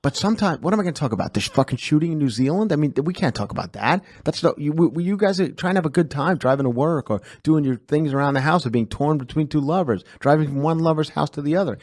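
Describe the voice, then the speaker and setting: A man's voice: on the high side, expressive, fast, few pauses, a little mellow, no echo, clean studio sound. A man from Long Island hosting a comedy podcast, rambling and self-deprecating and swearing casually as he plugs his shows. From Long Island, New York.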